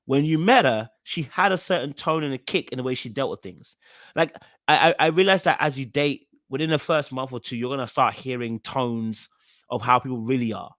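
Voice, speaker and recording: A man giving casual commentary on a reality show, animated and full of fillers and restarts as he repeats his points. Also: medium pitch, a little fast, no echo, studio quality. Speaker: reaction video host.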